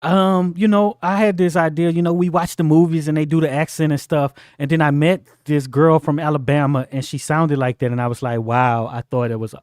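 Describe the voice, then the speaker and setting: A man with a fairly high voice co-hosts a film chat, joking and dropping quick anecdotes in loose, everyday speech. He sounds close to the mic in a dry space. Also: steady tone, a little mellow, no echo. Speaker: co-host of a film discussion stream. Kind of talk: casual film discussion.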